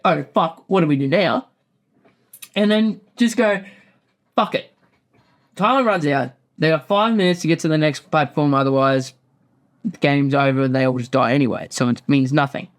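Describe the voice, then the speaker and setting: Man, high-pitched, casual host, swears a lot, rambling recap. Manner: rambling, swears often, acts out quotes. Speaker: podcast host.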